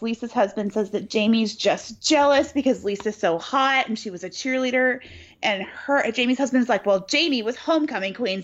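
A talkative woman with a somewhat high voice recaps a plot in loose, conversational chat. She sprinkles in "like" and "um" and dry, sarcastic asides. The recording sounds dull and lo-fi. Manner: chatty storyteller, lots of "like" and "um", sarcastic asides. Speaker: podcast co-host recapping a film. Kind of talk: casual chat.

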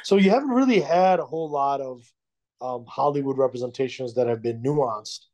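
A male comedian guest speaking in a measured, thoughtful way in casual discussion. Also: mid-range voice, a little mellow.

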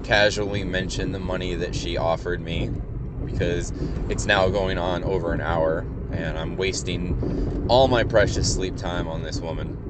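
Joven malhablado contando una anécdota. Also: male voice, deep voice, fairly even intonation, unhurried, very noisy. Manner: rambling, profane, wry. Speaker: storyteller. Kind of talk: casual anecdote.

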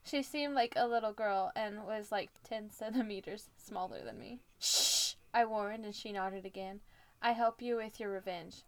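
A woman co-hosting a podcast, reading fan fiction aloud with commentary and jumping up in pitch for the quoted lines. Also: normal speed, a little mellow. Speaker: podcast co-host.

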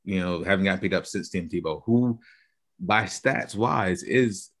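A man's voice: low voice, unhurried. A man co-hosting a podcast in casual chat, argumentative and given to spelling out long theories. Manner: argumentative, lays out theories at length. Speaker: podcast co-host.

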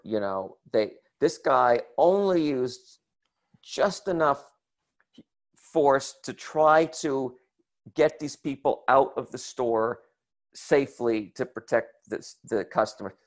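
A man telling a comic story to an audience, animated and acting out the people in it. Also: mid-range voice. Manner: animated, acts out voices and shouts in the retelling. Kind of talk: comic anecdote told to an audience.

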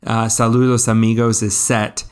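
A man's voice: on the low side, flat delivery, moderate pace, clear, resonant tone. Rambling man telling stories on a podcast. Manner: rambling storyteller, many fillers and restarts. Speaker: podcast co-host. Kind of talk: casual chat.

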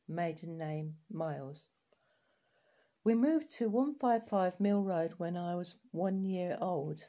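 A woman reading collected life stories aloud in a steady, unhurried way, with small restarts now and then. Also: lowish voice.

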